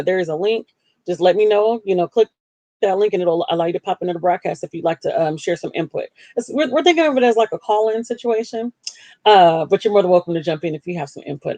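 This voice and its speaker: A woman hosting a live call-in broadcast, talking candidly and self-deprecatingly about her own life. She jumps up in pitch to act out her past self. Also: mellow, no echo. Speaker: livestream host.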